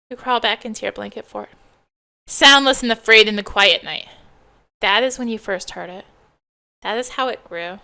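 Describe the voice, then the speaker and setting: A woman streamer reading a game's narration aloud in a soft, measured way. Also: mid-range voice, vocal fry. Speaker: let's play streamer.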